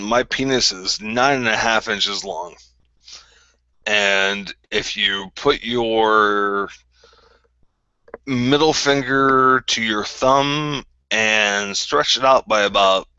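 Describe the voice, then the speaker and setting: A man's voice: fairly low pitch, sharp tone, dry recording, dull audio. A man hosting a group call, bluntly and combatively calling someone out in a repetitive rant. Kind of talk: confrontational ranting callout.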